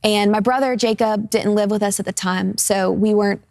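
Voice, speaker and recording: A woman in her twenties tells a personal testimony in a talk-show interview. Her mid-pitched voice has a gravelly fry at the ends of phrases. She speaks earnestly and casually, dotted with fillers, and the sound is dry and close. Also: steady tone, normal speed, a little mellow, no room sound. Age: 20s. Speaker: guest.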